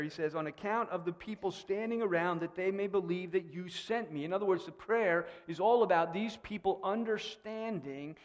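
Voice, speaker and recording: Brief: high-pitched male pastor, animated and questioning, with long church reverb. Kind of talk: sermon. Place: church sanctuary.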